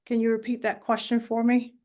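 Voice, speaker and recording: A woman presenting a talk on grief in an online webinar, speaking in a measured way with many filler sounds. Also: a little high, completely flat delivery, darkish tone.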